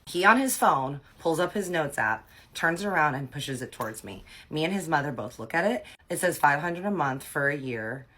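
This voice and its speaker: A woman vlogger telling a personal story in an animated, dramatic, slangy way. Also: deep voice, normal speed, hardly any pauses, husky. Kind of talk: storytime vlog.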